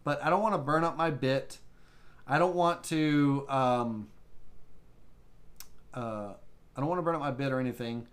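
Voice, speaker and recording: A man teaching a live CNC software tutorial, thinking aloud with restarts as he works through settings. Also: medium pitch, unhurried, long pauses. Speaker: woodworking CNC instructor.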